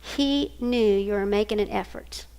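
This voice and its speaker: A woman's voice: medium pitch, a little slow, mellow, clean tone. An older woman giving a storytelling talk to single parents, homey and anecdotal, acting out family dialogue. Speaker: speaker at a single-parent ministry event.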